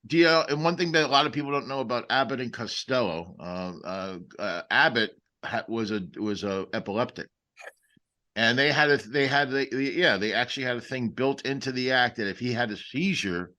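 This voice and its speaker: Male co-host, casual chat, bright and crisp tone, halting trivia asides. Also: medium pitch. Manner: chimes in with show-business trivia, halting with restarts. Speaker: podcast co-host.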